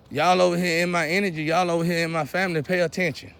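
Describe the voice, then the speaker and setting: A man, lecturing and scolding his viewers in a preachy monologue, often clearing his throat. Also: on the high side, flat delivery, quick pace, a bit bright. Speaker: vlogger.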